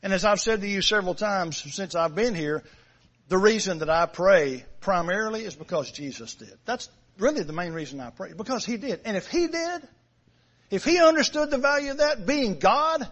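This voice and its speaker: A man's voice: sits high, a bit bright. Man, preacher, sermon, emphatic, repetitive, muffled lo-fi recording. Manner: emphatic, repeats phrases, stresses key words. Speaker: pastor. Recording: dull lo-fi sound.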